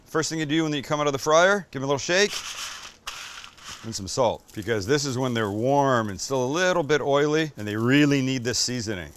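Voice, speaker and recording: A man's voice: mid-range voice, a bit bright, a little hiss or hum. A man hosting a casual cooking show in a kitchen, enthusiastic and joking, swearing casually as he cooks.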